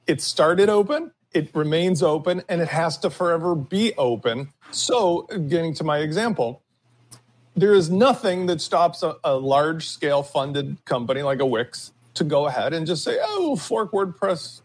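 Panel co-host, male, slightly high husky voice, forceful and opinionated. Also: moderate pace. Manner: opinionated, emphatic, drags out key words. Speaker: podcast co-host. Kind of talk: casual panel discussion.

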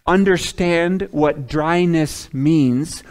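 A man's voice: on the high side, drawn-out words. Dramatic man preaching a sermon. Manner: dramatic preaching, swinging from loud emphasis to hushed lines; acts out the prophet's and God's words in quoted asides. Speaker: pastor.

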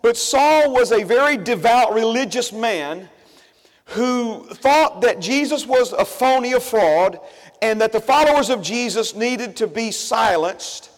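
Male pastor, very high voice, chatty sermon full of asides, long church reverb. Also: expressive, a little slow. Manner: conversational, with many asides and fillers; builds emphasis by repeating phrases. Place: church sanctuary.

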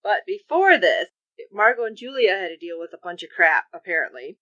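A podcast co-host with a fairly low-pitched voice talks briskly through a TV episode in a casual recap, animatedly acting out characters' lines. The dull lo-fi recording has no room sound.

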